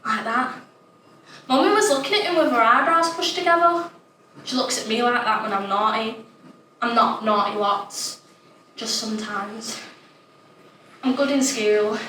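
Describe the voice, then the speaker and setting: A woman's voice: a little high, bright, forceful tone, slight background noise. Woman playing a chatty little child. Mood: puzzled. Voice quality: childlike, plain-spoken. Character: imaginative young British child, chatty and curious. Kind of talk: dramatic monologue. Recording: roomy echo, distant mic, faint ambience.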